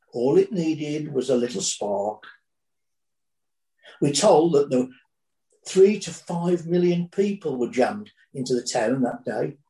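Slow, dramatic male preacher. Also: a little high, warm tone, echoey room, low-quality recording. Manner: dramatic storytelling, building and dropping intensity. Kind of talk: sermon.

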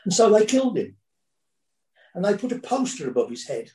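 A man's voice: high voice, very animated, brisk, warm tone, reverberant, low-quality recording. A man preaching a sermon, telling the story dramatically with rising and falling intensity.

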